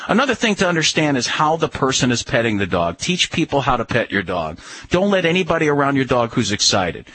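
Man, husky, dry close sound, firm instructive dog-training advice, repeats key words. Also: medium pitch, fairly bright tone, no room sound, low-quality recording. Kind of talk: advice on a call-in radio show.

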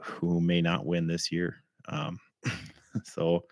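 Deep-voiced man, slightly hoarse. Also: completely flat delivery, extremely slow, no room sound, clean studio sound. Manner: conversational, frequent ums and throat clearing. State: slightly hoarse, something in his throat. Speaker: podcast host. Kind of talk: casual fantasy football recap.

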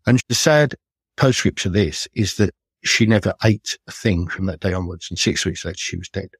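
Husky older man, earnest and low. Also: no room sound. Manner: earnest, measured, reflective storytelling. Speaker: retired police detective, podcast guest. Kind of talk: recounting cases in conversation.

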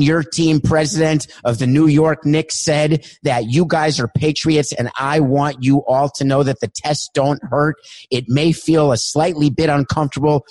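A man putting on a slower, slightly higher voice to play a rambling, cheerful older doctor. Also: a little mellow, close to an everyday voice. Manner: slow, rambling, meandering.

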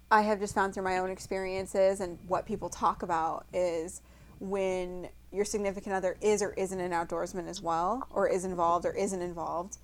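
Chatty woman host. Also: mid-range voice. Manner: enthusiastic reactions, rambling thoughts. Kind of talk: casual interview chat.

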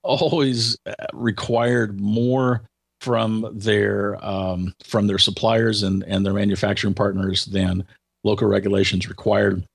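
A man's voice: lowish voice, level tone, unhurried, creaky, slightly rough. A man giving commentary in a casual conversation, hesitating and restarting often before he makes his point. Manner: hesitant, many restarts, then emphatic. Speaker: tech commentator.

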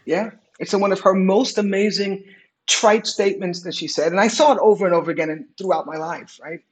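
An older woman speaks as a guest in a candid interview, reflective yet emphatic. She leans on repetition to drive her points home, her pitch sitting in an ordinary middle range. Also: fairly quick. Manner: emphatic, repeats key phrases, reflective. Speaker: guest, retired executive.

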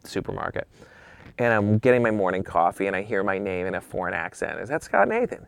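Gravelly photographer spinning a yarn. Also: male voice, low-pitched, brisk. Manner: animated, acts out dialogue. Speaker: photographer, interview guest. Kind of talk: anecdotal storytelling.

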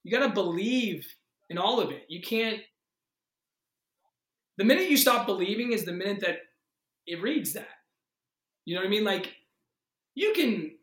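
A man in his thirties, an actor, telling a story in a casual interview with excited energy, acting out quotes and swearing freely. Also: sits high, reverberant. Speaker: actor guest.

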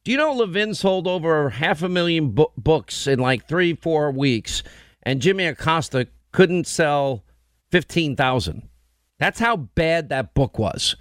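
A man hosts a show in casual banter, telling stories bluntly and acting out what others said. His voice sits fairly high for a man. The studio sound is dry and close. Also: measured pace, no echo. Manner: blunt, animated storytelling with quoted asides. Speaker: radio and TV host.

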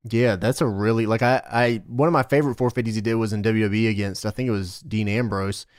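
A man's voice: lowish voice, fairly even intonation, fast talker, smooth, no echo. A man in casual podcast chat, recapping wrestling with loose laughs and cursing. His voice is close and dry, with no room sound around it. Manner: laughing, swearing, recapping with mock quotes. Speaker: podcast co-host.

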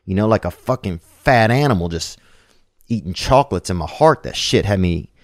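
A man hosts a podcast in a loose, rambling chat, swearing freely and tossing in "man" and "bro". His voice sits somewhat low. The sound is dry and close to the mic. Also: expressive, moderate pace, dry recording. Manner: rambling, profane, laid-back, full of "man" and "bro". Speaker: podcast host.

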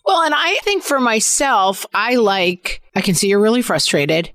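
A woman's voice: mid-range voice, big pitch swings, a little slow, a bit bright, no room sound, studio quality. A woman in her forties co-hosting a podcast, chatting casually and telling stories from home. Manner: conversational, storytelling about parenting. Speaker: podcast co-host.

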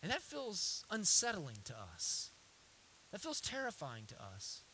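A man preaching a sermon, swinging between hushed, intimate lines and loud impassioned ones, with folksy asides to the congregation. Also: sits high, wildly swooping pitch, a little slow, a little hiss or hum. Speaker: pastor.

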